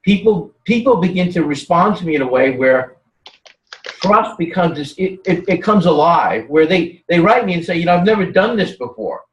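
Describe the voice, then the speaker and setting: A man's voice: high voice, normal speed, lo-fi sound. A man talking in a casual chat, telling rambling stories with lots of restarts. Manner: rambling, animated storytelling with many restarts. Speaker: guest. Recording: roomy, distant from the mic.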